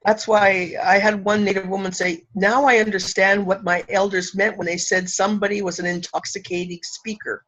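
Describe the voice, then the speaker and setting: A woman from Canada, a spiritual teacher and speaker, talking effusively and emotionally in an interview, laughing often and pausing for effect. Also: mid-range voice, flat delivery, fairly bright tone, muffled recording. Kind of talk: casual interview talk.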